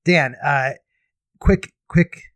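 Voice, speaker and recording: A man's voice: fairly high pitch, very slow, no room sound. A man hosting a casual podcast, chatty and self-deprecating, often breaking into laughter. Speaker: podcast host.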